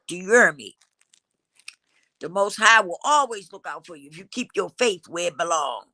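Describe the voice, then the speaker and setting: A woman's voice: on the low side, lively intonation, normal speed, vocal fry, bright, forceful tone, no room sound. A middle-aged woman, hosting a casual livestream in a loose, preachy way and now and then singing snatches of a song. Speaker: livestream host.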